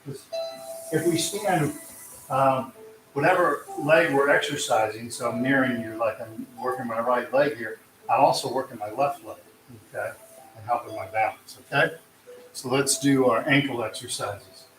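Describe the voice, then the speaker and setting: A man leading a tai chi class, calmly counting out slow step-by-step cues for balance exercises. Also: medium pitch, a little hiss or hum. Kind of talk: guided exercise class instruction. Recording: roomy, distant mic with music.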